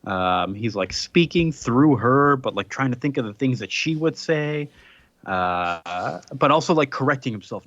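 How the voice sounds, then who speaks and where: A man in a relaxed podcast chat, walking through a story beat by beat in a loose, meandering way and slipping into playful paraphrased lines. His voice sits mid-range and sounds dull and dry, like a lo-fi home mic with no room around it. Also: medium pitch, a little slow, dry recording. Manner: loose, rambling retelling with playful paraphrased quotes. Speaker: podcast co-host. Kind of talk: casual comic recap chat.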